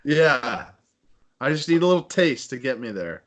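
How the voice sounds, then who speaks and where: Casting: man, mid-pitched voice, laid-back joking podcast co-host. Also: big pitch swings, normal speed. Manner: loose, joking, trailing off. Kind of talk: casual chat.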